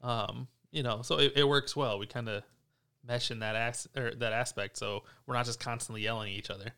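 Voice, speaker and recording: A podcast host leads a relaxed, casual conversation in a clear, smooth voice at ordinary pitch, speaking briskly. He rambles through stories in a snarky, profane way, restarting sentences as he goes.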